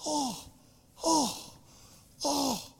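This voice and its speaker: A pastor voicing a frustrated ordinary man, high-pitched and shouting in exasperation. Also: extremely slow, vocal fry, long reverb tail, full character voice. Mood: exasperated.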